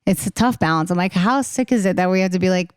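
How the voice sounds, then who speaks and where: A young woman in casual podcast chat as a singer-songwriter guest, talking fast and laughing, acting out the voices she quotes. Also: on the low side, clear, resonant tone, no echo, studio quality.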